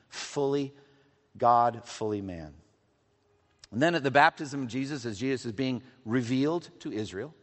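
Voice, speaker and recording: A man preaching a sermon earnestly, rising for emphasis and dropping to hushed tones. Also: fairly high pitch. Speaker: pastor. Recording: long hall reverb.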